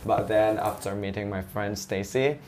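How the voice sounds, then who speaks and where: A man's voice: lowish voice, steady tone, normal speed, a little mellow, slight background noise. A young man with an Indonesian accent, chatting as a guest and telling stories with lots of fillers and restarts. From Sulawesi, Indonesia. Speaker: guest, English teacher. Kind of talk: casual chat.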